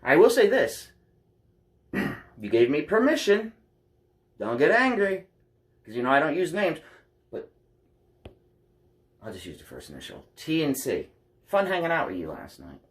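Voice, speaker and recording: A man's voice: a little high, huge pitch swings, unhurried, long pauses. A young adult man vlogging candidly from home into a taped-up phone, rambling bluntly and swearing freely. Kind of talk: candid confessional vlog. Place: at home by a couch. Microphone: phone taped in place.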